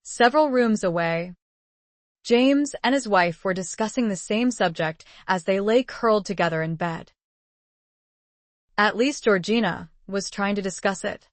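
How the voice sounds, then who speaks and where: A woman narrating a romance novel audiobook in an even, measured reading. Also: medium pitch, dry recording. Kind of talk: scripted narration.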